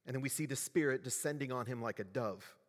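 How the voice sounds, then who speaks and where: A pastor delivers a sermon in a large, echoing hall with a long reverb. His mid-range voice moves quickly, and he keeps things conversational by putting questions to the congregation.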